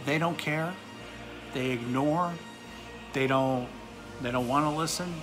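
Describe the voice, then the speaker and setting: A man's voice: medium pitch, slow, over music. Angry man ranting to camera. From United States. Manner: irate, profane, sarcastic. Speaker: vlogger.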